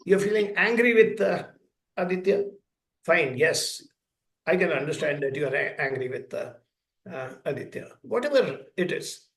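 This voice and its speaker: A man giving a talk at a school, speaking slowly and deliberately and acting out short dialogues between a parent and a child. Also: a little high, lively intonation, a bit bright. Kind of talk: lecture with plain everyday examples. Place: school hall. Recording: echoey room.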